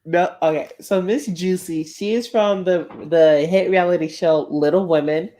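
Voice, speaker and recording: Playful low-voiced woman co-host. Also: moderate pace, mellow. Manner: playful, self-conscious, laughs often. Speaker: podcast co-host. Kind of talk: casual chat.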